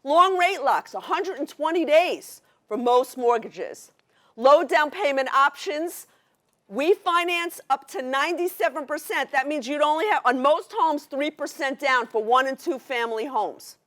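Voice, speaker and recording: A middle-aged woman with a Brooklyn accent, giving an excited, fast-paced educational presentation to a workshop audience. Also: high-pitched. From New York City. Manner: fast, excited, New York directness.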